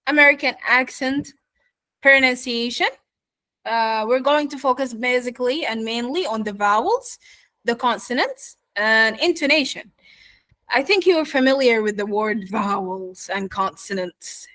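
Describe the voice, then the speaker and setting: A woman whose first language is Arabic teaches an online pronunciation lesson in a somewhat high voice. She talks very slowly, full of fillers, often pausing to check in with "yeah?" or "okay?". The recording is dry and close, with no room sound. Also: fairly bright tone, no echo. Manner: slow, many fillers, asks "yeah?" and "okay?" after points. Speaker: accent teacher.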